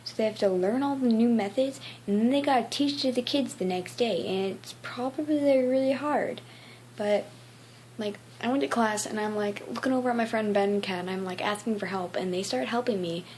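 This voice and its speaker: A woman's voice: on the high side, brisk, a little mellow, slight background noise. Chatty teen girl ranting about school. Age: teens. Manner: chatty, frequent "like" fillers, acts out quotes. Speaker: vlogger. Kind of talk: casual vlog rant.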